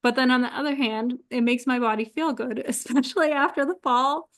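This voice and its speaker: A young woman giving relaxed, chatty astrology advice straight to her viewers, laughing often and sprinkling in "like". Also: high voice, brisk. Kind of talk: casual solo advice talk to camera.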